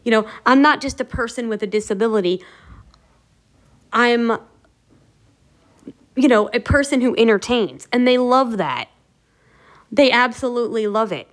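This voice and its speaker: Slightly high in pitch, her voice is unhurried and broken by long pauses. She hosts a motivational video series, chatting to the camera in a warm, encouraging manner, telling lively stories heavy with fillers.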